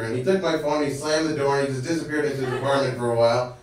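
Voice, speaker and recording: A man's voice: medium pitch, fairly even intonation, fast talker, noisy background. An American man doing stand-up, telling a story in a chatty way and chuckling at his own jokes. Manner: chatty, laughs at own jokes, small restarts. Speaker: stand-up comedian. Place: event hall with live audience. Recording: echoey hall, distant mic, audience laughter.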